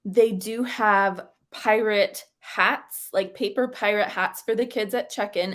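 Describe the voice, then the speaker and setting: A woman co-hosts a podcast in a relaxed, chatty way. She sounds playful and upbeat, slipping jokes into her talk. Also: medium pitch. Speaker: podcast co-host. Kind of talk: casual podcast chat.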